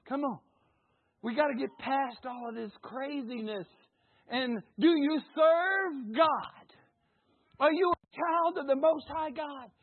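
A man preaching a sermon in an animated way, breaking into shouts and acted-out voices. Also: very high-pitched, slow, no room sound. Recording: tinny phone-like, dry sound.

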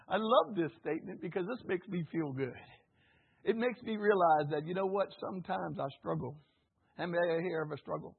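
Male preacher, sermon, call-and-response, husky voice, tinny lo-fi recording. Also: high-pitched, animated, a little fast.

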